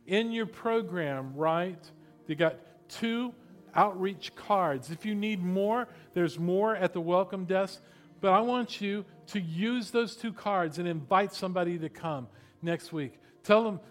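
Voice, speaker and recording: Man pastor leading prayer and announcements. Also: high-pitched. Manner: soft prayerful then upbeat and joking. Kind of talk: sermon closing and church announcements.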